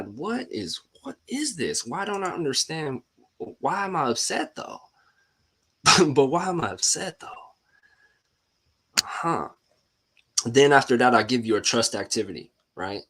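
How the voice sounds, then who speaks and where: Guy with a low husky voice doing a casual live mindset talk, slangy, keeps asking himself why. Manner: animated, asks himself rhetorical questions, laughs often; slangy and informal. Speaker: host of a live mindset show.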